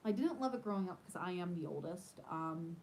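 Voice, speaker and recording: A woman in her thirties, a podcast host, chatting casually and telling animated stories with lots of "like". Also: fairly low pitch, brisk, a little hiss or hum, poor audio. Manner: chatty, animated storytelling with many "like"s. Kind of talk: casual chat.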